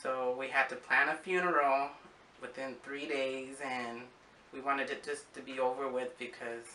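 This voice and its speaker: A man's voice: mid-range voice, fairly even intonation, measured pace, sharp tone, distant mic, slight background noise. A young man from Arizona telling a personal story in a casual, rambling vlog, with many fillers. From Arizona, USA. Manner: rambling, with frequent fillers and acted-out quotes. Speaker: vlogger. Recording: echoey room.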